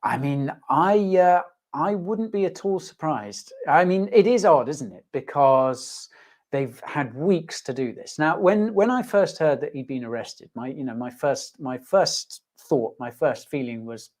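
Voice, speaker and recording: A man hosts a casual livestream in an easygoing, jokey way. He rambles, restarts sentences and fills pauses with ums. He pokes fun at himself as he chats with viewers. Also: on the high side, lively intonation, a little mellow. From United Kingdom. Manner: chatty, rambling, with many fillers and restarts; jokey, self-mocking, reading viewer comments aloud. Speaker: host.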